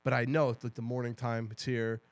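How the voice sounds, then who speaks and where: A man co-hosting a podcast, chatting casually, telling an animated story with lots of swearing and impressions of others. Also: mid-range voice, a little fast, no echo. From New Jersey. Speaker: podcast co-host. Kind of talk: casual chat. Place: podcast studio.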